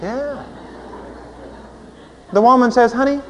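A man preaching a sermon as a pastor, swinging between shouts and hushed near-whispers, acting out scenes with sound words like "boom.". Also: lively intonation, a little slow, a little hiss or hum. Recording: long hall reverb.

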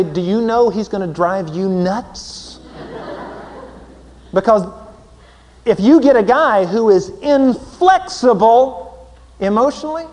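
A man with a high voice preaches a sermon, acting out little scenes with punchy sound words. He jumps from shouts to hushed, near-whispered lines. His voice rings with a long reverb across a large hall. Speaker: pastor.

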